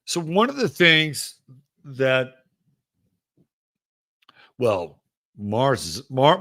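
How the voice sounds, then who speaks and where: A man's voice: mid-range voice, creaky, fairly bright tone, no echo. A man hosting a live astrology show, talking casually and emphatically with rambling asides. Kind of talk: casual live-stream commentary.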